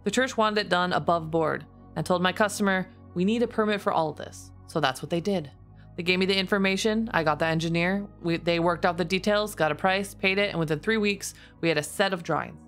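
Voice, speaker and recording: A woman streamer reading posts aloud in a deliberately lower, steady voice. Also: faint music behind. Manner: reads in a lower, steadier voice, laughs often.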